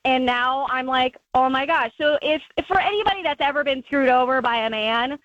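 A woman's voice: high-pitched, fairly quick, no room sound. A woman calling in to a radio show, telling her story in a chatty way with lots of "like" and acted-out quotes. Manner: chatty, peppers speech with "like", acts out quotes. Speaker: caller. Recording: dull lo-fi phone call on radio.

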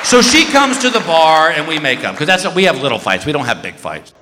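A man's voice: on the high side, sing-song, fairly quick, a crowd in the background, noisy background. A man telling a story in a stand-up routine, acting out the voices of the people in it. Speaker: stand-up comedian. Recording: live show in a reverberant hall.

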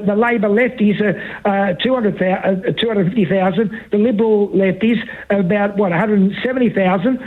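A man's voice: sits high, slightly rough. A male caller, arguing insistently and talking over the host on a talkback radio line. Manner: insistent, talks over the host, repeats words. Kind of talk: heated talkback radio call. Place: on a phone call. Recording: tinny phone line.

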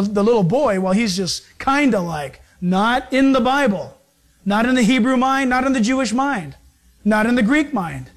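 A man preaching a sermon as pastor, moving between loud, acted-out lines and hushed, serious passages. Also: high-pitched.

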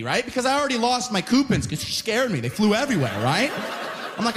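A man from Canada doing a live stand-up routine, telling animated stories and tagging them with "right?" and "you know?". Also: very high voice, fast, long reverb tail, background noise. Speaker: stand-up comedian. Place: live comedy venue.

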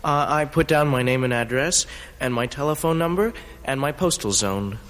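A man's voice: mid-range voice, moderate pace, a bit bright, natural voice. A man playing Linus, an earnest, literal-minded young boy, answering in a matter-of-fact way. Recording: distant, reverberant stage recording.

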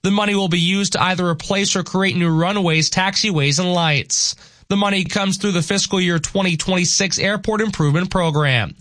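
A man reading scripted regional news on radio with a crisp, steady delivery. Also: sits high, normal speed, dry recording. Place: radio studio.

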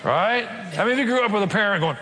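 A pastor's voice rings through a church sanctuary, its long reverb trailing every phrase. A man with a fairly high voice preaches earnestly, putting rhetorical questions to the congregation and slowing down when a point matters. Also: animated, background noise. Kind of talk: sermon.

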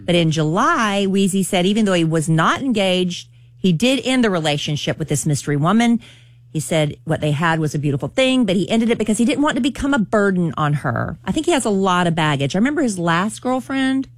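A woman's voice: mid-range voice, lively intonation, brisk, no room sound. A woman host of a radio morning show, reading out celebrity news with dry asides. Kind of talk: morning show gossip chat. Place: radio studio.

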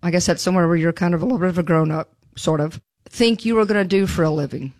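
A woman's voice: on the low side, quick pace, darkish tone, no room sound. A middle-aged woman with a Southern US accent, chatting and laughing as co-host of a radio show. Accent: Southern US (Alabama). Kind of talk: casual radio chat.

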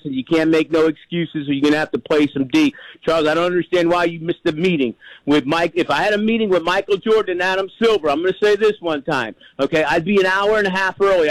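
A man's voice: fairly high pitch, no room sound, poor audio. A man, phoning in to a sports show and rambling, repeating himself as he talks. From New York. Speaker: caller. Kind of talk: phone-in caller story.

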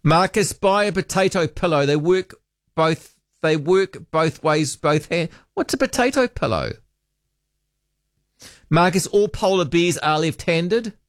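A man's voice: a little high, a little slow, no room sound, studio quality. A man hosting talkback radio, chatting casually and reading out listener texts, often trailing off with hesitant ums.

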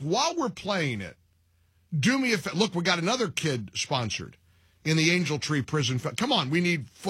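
A middle-aged man hosting a talk radio show, mocking and animated, laughing at his own jokes. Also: fairly high pitch, husky, dry recording, clean studio sound. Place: radio studio.

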